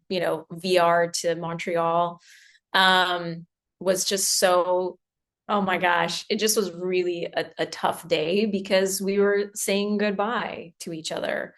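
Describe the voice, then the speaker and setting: Young woman, emotional interview guest, halting, sighs between phrases. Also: fairly low pitch, fairly bright tone.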